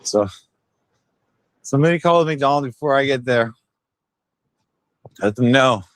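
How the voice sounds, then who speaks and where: A man's voice: medium pitch, expressive, unhurried, no room sound. A tipsy man live streaming while walking outdoors, rambling and bantering rowdily with his chat on a handheld phone. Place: outdoors on town streets.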